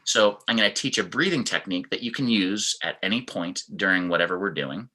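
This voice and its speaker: A man with a fairly low but bright, forceful voice leads an online fitness class. He explains things step by step and breaks into demonstrations of how the same sentence sounds in different tones. It sounds like he is on a video call. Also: fairly quick, poor audio. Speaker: fitness instructor.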